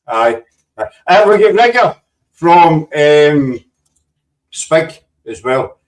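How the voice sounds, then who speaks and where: A man's voice: a little high, sing-song, takes it slowly. A Scottish man hosting a casual live panel chat, rambling and teasing his guests. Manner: jokey, rambling, teasing banter. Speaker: show host. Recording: distant from the mic.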